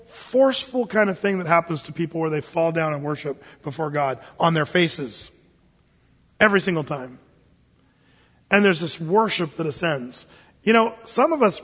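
A male pastor preaching an emphatic sermon and then leading a quiet closing prayer. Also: slightly rough. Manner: animated, emphatic preaching that drops soft and low into prayer. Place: church sanctuary. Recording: muffled recording in a reverberant church hall.

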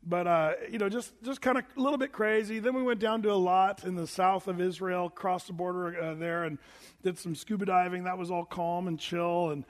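High-voiced pastor in a reverberant hall. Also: male voice, fairly even intonation, brisk. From United States. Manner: chatty, rambling with many fillers and restarts. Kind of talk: sermon.

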